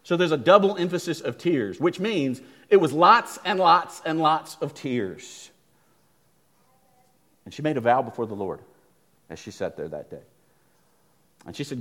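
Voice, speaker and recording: A man preaching a sermon as pastor, telling stories emphatically and swinging between loud emphasis and hushed lines. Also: a little high, very animated, measured pace, long pauses.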